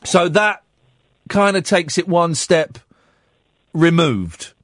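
A man chatting on a radio show, rambling and tripping over restarts as he talks. His voice sits somewhat high and swings about animatedly. The sound is dry and close. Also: lively intonation, slow, no room sound. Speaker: radio host. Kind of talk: casual radio chat.

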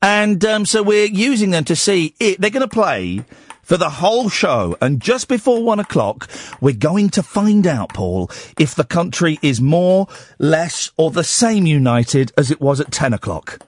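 Man, late-night phone-in host, high and lively, teasing and sarcastic, dry studio mic. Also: unhurried, no room sound. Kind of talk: casual phone-in banter. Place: radio studio. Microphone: studio microphone.

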